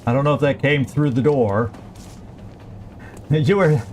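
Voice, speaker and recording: A man's voice: mid-range voice, steady tone, a little fast, faint music behind. A man streaming a strategy game, thinking aloud through each move with plenty of fillers and restarts. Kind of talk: casual let's-play commentary.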